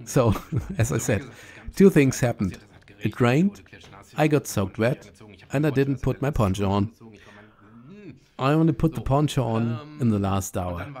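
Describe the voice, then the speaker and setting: A man's voice: mid-range voice, expressive, measured pace, long pauses, darkish tone. A man with a German accent, talking casually to camera about a long walk, chatty and blunt, often laughing. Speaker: vlogger walking a pilgrimage trail. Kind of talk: casual spoken travel diary.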